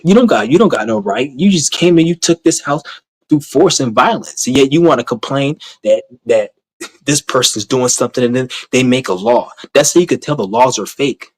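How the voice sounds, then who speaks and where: A man's voice: mid-range voice, expressive, normal speed, rough recording. A man ranting to his camera in a blunt, rambling, heavily profane way, repeating himself as he goes. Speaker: vlogger.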